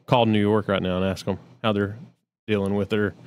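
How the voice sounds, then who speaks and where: A man with a lowish voice chats at a podcast table, making blunt, joking remarks. Faint background sound sits under his voice. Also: little pitch movement, fairly quick, a little hiss or hum. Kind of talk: casual podcast chat.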